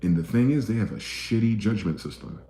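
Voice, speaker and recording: A man with a low, dark voice delivers a profane, emphatic monologue. He jumps from loud, pointed outbursts to quiet, muttered asides. His voice rings in a bare, echoey room. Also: very animated, fairly quick, a little hiss or hum. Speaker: video commentator.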